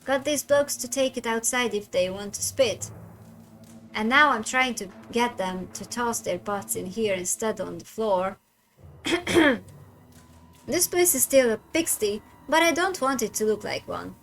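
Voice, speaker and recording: A woman's voice: fairly high pitch, measured pace, fairly bright tone. A woman doing a blunt, menacing gang heavy. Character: gruff threatening male Irish gang heavy.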